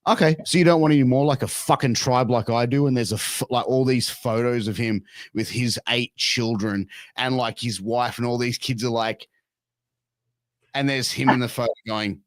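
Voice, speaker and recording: A man's voice: medium pitch, fairly even intonation, normal speed, no echo. A man in his thirties with an Australian accent, telling a crude story in casual chat and swearing a lot. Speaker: podcast guest.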